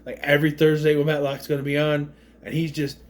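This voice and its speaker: A man's voice: fairly high pitch, completely flat delivery, fast. A man giving a casual, rambling recap of a movie, wandering off on tangents and briefly mimicking the characters. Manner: mimics characters' voices mid-story. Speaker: movie reviewer.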